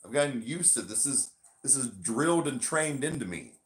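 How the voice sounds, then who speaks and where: A man co-hosting a casual podcast, talking loosely and swearing, switching between a chirpy service voice and a flat low one. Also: normal speed. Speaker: podcast co-host; bartender.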